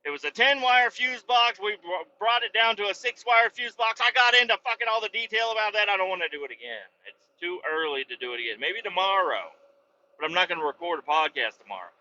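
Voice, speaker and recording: A man's voice: sits high, lively intonation, a little fast, bright, forceful tone, dull audio. A young adult man hosting a solo podcast, ranting casually and profanely. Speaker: podcast host, truck driver.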